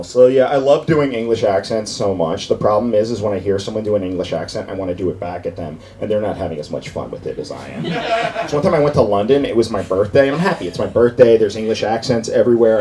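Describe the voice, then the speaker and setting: A man doing a stand-up comedy set on a club stage, animated and putting on voices for his bits. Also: on the low side, a little fast, slight background noise. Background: faint crowd laughter.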